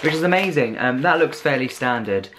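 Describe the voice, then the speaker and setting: A man's voice: mid-range voice, expressive, fairly quick, a bit bright, slight background noise. Chatty British man doing a taste test. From United Kingdom. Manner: chatty and enthusiastic. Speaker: vlogger. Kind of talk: casual food haul taste test.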